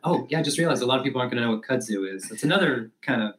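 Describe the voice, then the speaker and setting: A man co-hosting a casual brainstorm podcast, tossing out quick jokes and riffs. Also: medium pitch, animated, reverberant, heavy background noise. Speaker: podcast co-host.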